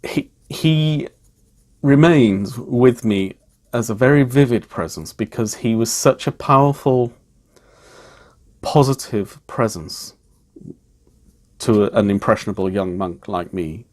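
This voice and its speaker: A middle-aged man, speaking in a measured, reflective way as he vlogs, with frequent ums. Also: medium pitch, lively intonation, a little mellow. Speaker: vlogger. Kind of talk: reflective personal vlog talk.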